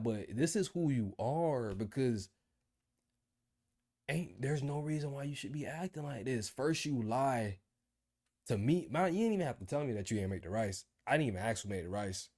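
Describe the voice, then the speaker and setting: Slangy man in his twenties ranting. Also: medium pitch. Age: 20s. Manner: animated storytelling with slang. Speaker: vlogger. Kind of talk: casual video diary rant.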